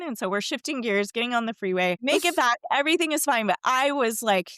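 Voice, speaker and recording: A middle-aged woman, a fitness and wellness coach, telling a personal story in a casual interview, chatty and animated, acting out the voices she quotes. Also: on the high side, fairly quick, few pauses, smooth, no echo, clean studio sound.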